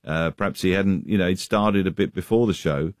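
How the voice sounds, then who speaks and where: A man's voice: deep voice, fairly quick, no echo, studio quality. A man from the of England, a comedian chatting in a radio interview with many restarts and fillers. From West Country, England. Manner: rambling, hesitant, many restarts. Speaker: comedian guest.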